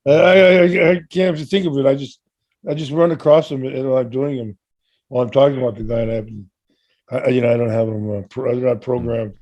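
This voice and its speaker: Older man, mid-pitched voice, casual podcast chat, rambling, halting, lots of fillers and restarts. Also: fairly even intonation, muffled recording. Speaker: podcast co-host answering fan questions.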